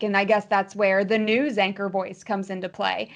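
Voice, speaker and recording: A woman's voice: medium pitch, steady tone, moderate pace, hardly any pauses. A woman podcast host, a former TV reporter, chatting enthusiastically with her guest. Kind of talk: conversational interview.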